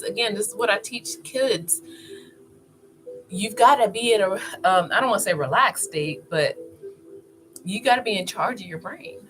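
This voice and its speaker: A woman vlogger talking casually to camera in a chatty, animated way, often laughing. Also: mid-range voice, a little hiss or hum. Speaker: wellness vlogger. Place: indoor filming setup with two cameras. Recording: clear music playing behind. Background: music.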